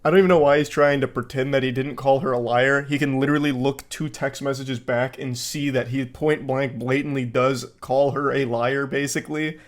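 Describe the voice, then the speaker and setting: A man's voice: medium pitch, fairly even intonation, normal speed, few pauses. A young man giving sarcastic comedic commentary while reading text messages aloud. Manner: sarcastic, dry. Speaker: YouTube commentator.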